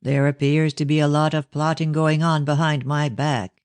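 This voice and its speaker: A man voicing a stern, guarded older Victorian father who speaks in a measured, ironic way in an audiobook. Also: a little high, level tone, smooth, dry recording, natural voice. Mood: cold. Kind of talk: audiobook reading of a novel.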